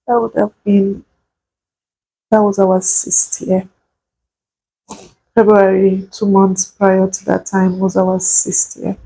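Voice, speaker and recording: A woman in her thirties telling a painful personal story, slow and halting, tearful at times. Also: medium pitch, gravelly, warm tone, a little hiss or hum, rough recording. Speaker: vlogger sharing a personal story.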